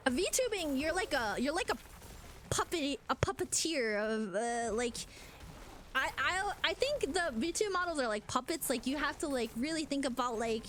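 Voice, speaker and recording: A young adult woman streaming as a VTuber, chatting casually in an animated way with lots of fillers. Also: high-pitched, normal speed, slight background noise. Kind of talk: casual live-stream rant.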